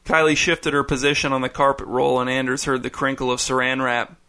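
Bright-voiced male audiobook narrator. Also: mid-range voice, little pitch movement, fairly quick.

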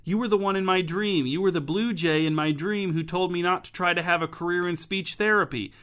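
Man putting on a gushing young woman, high and loud, eager, storybook reading. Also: a little fast. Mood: excited. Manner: gushing, breathless rush of words.

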